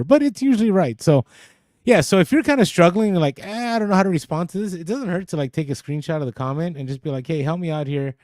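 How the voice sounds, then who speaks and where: A man's voice: fairly high pitch, fast talker, no room sound, clean studio sound. Laid-back man co-hosting a podcast. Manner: laughs often, animated when reading comments. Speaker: podcast co-host. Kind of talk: casual podcast chat. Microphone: podcast studio mic, too close at times.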